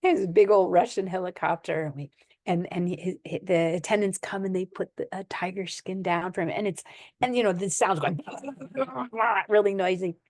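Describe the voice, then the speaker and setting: American woman guest telling stories, laughs a lot, lowish voice, dry sound. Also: moderate pace, no echo. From United States. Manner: animated anecdotes, laughs often. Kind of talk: conversational storytelling.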